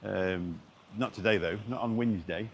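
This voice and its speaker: A middle-aged man with a deep, low-pitched voice talks casually to his live-stream viewers. He rambles, restarts his sentences and fills gaps with ums. He is recorded on a phone outdoors, with a faint hiss of noise behind him. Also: normal speed. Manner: rambling, chatty, many fillers and restarts. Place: outdoors on a beach walk.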